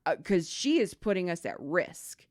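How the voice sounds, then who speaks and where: A woman's voice: on the low side, very animated, unhurried. A woman co-hosting a podcast, telling a work story in casual chat and swearing freely. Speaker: podcast co-host.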